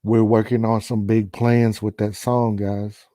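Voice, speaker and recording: Slow, mellow-voiced man from Chicago. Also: fairly low pitch, flat delivery, no echo, studio quality. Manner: slow, laid-back, talks to viewers and spirits. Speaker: paranormal livestream host. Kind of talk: casual live chat.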